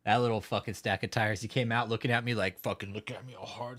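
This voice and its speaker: A man's voice: on the low side, steady tone, fast talker, a bit bright. A man hosting a livestream, chatting casually and reading out viewer comments in a profane, mocking way, laughing often. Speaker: livestream host.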